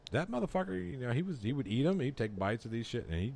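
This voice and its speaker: A man co-hosting a podcast, chatting fast and profanely, getting louder when he gets worked up. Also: medium pitch, very animated, vocal fry. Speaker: podcast co-host. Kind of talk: casual crude banter.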